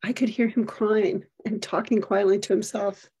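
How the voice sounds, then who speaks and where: Middle-aged woman, personal storyteller, mellow breathy tone, reflective. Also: medium pitch, steady tone. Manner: reflective, measured, descriptive. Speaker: parent telling a personal story.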